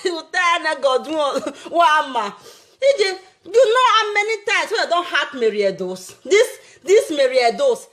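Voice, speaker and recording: A woman's voice: high voice, sing-song, normal speed, fairly bright tone. A Nigerian woman speaking Pidgin, taunting someone in a rant to camera, with cackling laughter and sing-song jeers. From Edo State, Nigeria. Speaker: social media vlogger.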